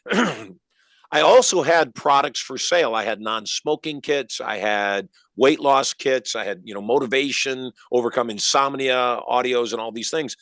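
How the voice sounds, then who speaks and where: An older man, a hypnotist guest in an interview, telling stories with energetic emphasis. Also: mid-range voice, measured pace, no echo. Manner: energetic, emphatic, acts out quoted voices. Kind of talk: animated storytelling interview.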